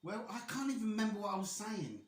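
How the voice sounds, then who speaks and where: A man's voice: sits high, expressive, fast. A man hosting a casual chat on his channel, chiming in with short agreeable replies and summing things up. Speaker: channel host. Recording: echoey room.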